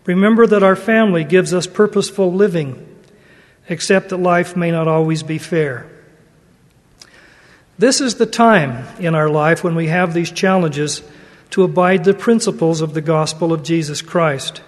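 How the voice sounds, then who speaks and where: A man gives an earnest sermon, his voice notably high for a man and his delivery measured. Each phrase trails off into the long reverb of a large hall. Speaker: religious speaker. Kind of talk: sermon with read-aloud story.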